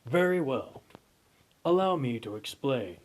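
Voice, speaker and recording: A man's voice: mid-range voice, lively intonation, unhurried, close to an everyday voice. A man voicing a glowing energy orb that hands out quests and speaks in a formal, announcing way. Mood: brisk.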